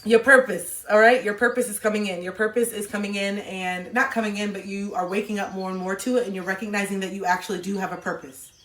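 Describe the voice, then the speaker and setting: A woman's voice: medium pitch, quick pace, hardly any pauses. Playful woman chatting in an echoey room. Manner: playful, animated, breaks into silly sound bits. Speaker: livestream host talking to chat. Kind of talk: casual chat.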